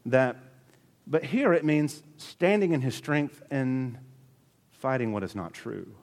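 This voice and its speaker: A male pastor preaching a sermon with earnest emphasis, his voice rising to strong peaks and dropping low. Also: lively intonation, slow pace. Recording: long reverb of a large hall.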